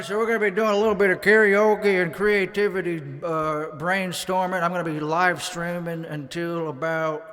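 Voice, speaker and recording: A man's voice: fairly high pitch, fairly bright tone, big-room sound. A man livestreaming from his home studio apartment, rambling in casual, profane, slangy chat.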